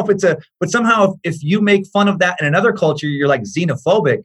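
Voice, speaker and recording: Husky comedian man riffing fast. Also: sits high, fairly bright tone. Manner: fast opinionated riffing, profane, many fillers. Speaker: guest comedian. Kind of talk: casual podcast chat.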